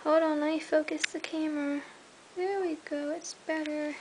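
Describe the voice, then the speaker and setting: A tired young woman with a steady voice at normal speed gives a rambling, chatty tour of her pets' cages in a room at home, using lots of fillers and a high coaxing voice when calling her pets. It's recorded on a handheld camera mic with a noisy background.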